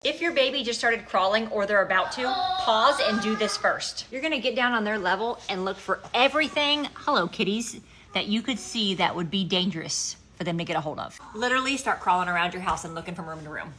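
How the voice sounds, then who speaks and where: A woman's voice: medium pitch, animated, fairly quick, pushed and bright, a little hiss or hum. A young adult woman, a mother, giving practical parenting tips to camera in a casual, direct way. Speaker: parenting content creator.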